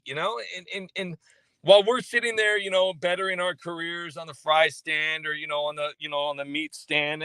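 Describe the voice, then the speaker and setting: A man chatting on a casual livestream, his voice bright and a touch high, recorded close and dry. He rambles with many fillers and restarts, and his humor stays self-mocking and deadpan. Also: moderate pace, smooth, no room sound. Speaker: livestream host reading chat. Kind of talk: casual live chat. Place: coffee shop.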